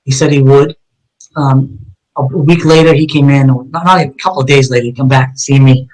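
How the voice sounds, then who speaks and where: Retired detective guest, middle-aged man, mid-pitched voice, earnest storyteller who acts out the dialogue. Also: fairly even intonation, fairly quick, a little mellow, rough recording. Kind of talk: personal story told in a live interview.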